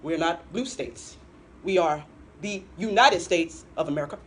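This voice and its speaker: A woman's voice: lowish voice, lively intonation, slight background noise, natural voice. A woman doing a stately male president's speech. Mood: solemn. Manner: measured oratory, speech cadence.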